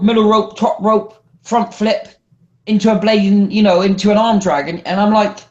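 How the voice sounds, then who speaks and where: A man's voice: sits high, highs cut off. A man in casual podcast chat, telling stories animatedly, swearing freely. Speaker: wrestler guest.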